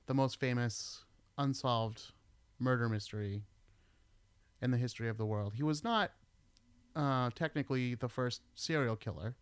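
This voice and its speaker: Here the same kind of podcast host, a relaxed middle-aged man from the United States, trades stories and the odd curse at a normal speed, pausing often. His medium-pitched voice sounds clean against a dry recording.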